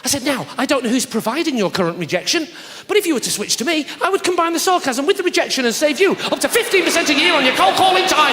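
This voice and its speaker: A man doing live stand-up comedy, telling a sarcastic story in an animated way with shouted punchlines. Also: very high-pitched, quick pace, few pauses. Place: large theatre stage with audience. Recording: live hall recording with reverb and crowd noise.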